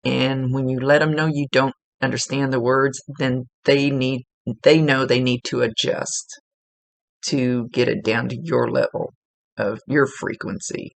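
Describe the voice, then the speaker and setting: A woman's voice: extremely low pitch, fairly even intonation, a little slow, creaky, dry recording. A woman working as a psychic medium, giving a casual, rambling reading and often correcting herself mid-sentence. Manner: chatty, rambling, self-correcting.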